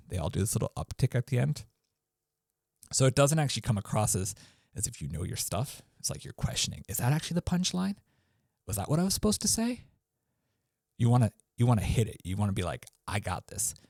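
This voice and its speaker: A man's voice: lowish voice, gravelly, no echo, clean studio sound. A man hosting his own podcast, talking casually with loose fillers. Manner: relaxed, loose, with offhand fillers. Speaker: podcast host. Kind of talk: casual solo podcast talk. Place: New Zealand.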